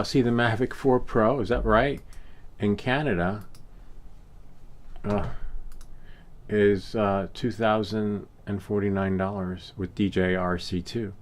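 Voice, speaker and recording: A man's voice: lowish voice, slight background noise. A man casually walking viewers through a screen-share tech video, chatty and rambling as he clicks along. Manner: rambling, chatty, laughs at his own stories.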